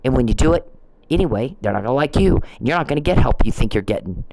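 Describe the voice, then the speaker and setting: Talking fast in a rumbling low voice full of animation, this vlogger scolds the camera in a furious, profane rant. When heated she stumbles and restarts her sentences. The background is noisy.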